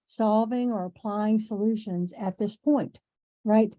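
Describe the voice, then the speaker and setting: A middle-aged woman teaching an online class in a conversational way, repeating herself for emphasis and clearing her throat as she loses her voice. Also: mid-range voice, a little slow, mellow. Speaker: instructor.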